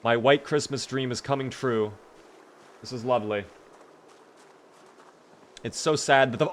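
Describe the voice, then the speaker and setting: A man streaming a survival game live, chatting to his viewers and reacting with sudden bursts of excitement. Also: mid-range voice, a little slow, long pauses.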